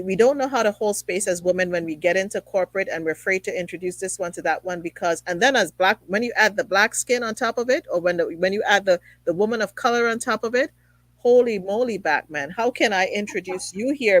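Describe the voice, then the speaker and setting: A woman's voice: medium pitch, brisk, no echo, low-quality recording. A woman hosting a conversational interview show from her apartment, chatty and rambling, with many fillers. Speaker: show host. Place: home apartment.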